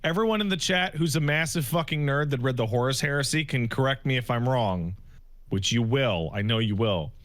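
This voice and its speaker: A man's voice: mid-range voice, lively intonation, a bit bright, no echo. Swearing podcast co-host man, dry sound. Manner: swears often, quick asides. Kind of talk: casual chat.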